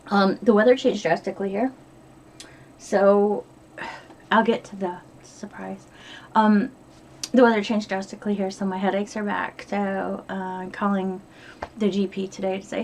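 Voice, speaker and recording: A woman's voice: mid-range voice, fairly even intonation, measured pace, pauses often, darkish tone. Middle-aged American woman vlogger, chatty and profane, mid-range voice, faint hiss behind. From upstate New York. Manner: chatty, swears freely, rambling. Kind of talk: casual diary vlog.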